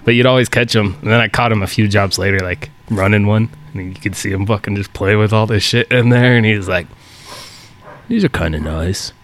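A man's voice: fairly low pitch, fairly even intonation, quick pace, few pauses, fairly bright tone. A man hosting a podcast, telling job-site stories casually and swearing freely. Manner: swears freely, acts out quotes. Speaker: podcast host. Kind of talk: casual storytelling chat.

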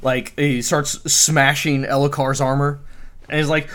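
A young adult man in casual chat, retelling a book scene with many ums and uhs and quick acted-out lines. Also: fairly high pitch, crowd noise. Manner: rambling retelling with many fillers, acting out dialogue.

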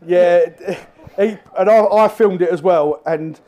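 A man's voice: high-pitched, slow pace. Laughing man telling stories. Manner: animated, laughing anecdotes. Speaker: guest angler. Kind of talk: live stage storytelling. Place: live talk at a show.

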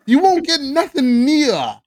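A man's voice: very high-pitched, expressive, a little slow, voice pushed up. A man doing a smug athlete with a mock Canadian "eh". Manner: mock Canadian accent with tacked-on "eh". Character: smug male pro athlete, dismissive and cold.

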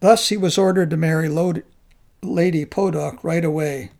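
A man calmly narrating a folk tale in a measured storybook style. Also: fairly high pitch, gravelly.

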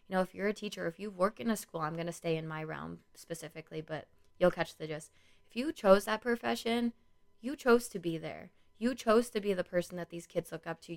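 A woman's voice: on the low side, creaky, a bit bright. A young woman who works as a school social worker, talking earnestly and loosely in a casual solo podcast, with lots of "like" and "you know". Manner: rambling, earnest, many "like" and "you know" fillers.

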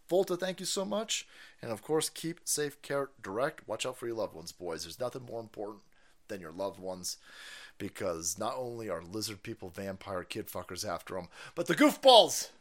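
A man hosting a live stream, ranting casually and profanely between viewer chats and laughing often. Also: medium pitch. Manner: animated, foul-mouthed, laughs often.

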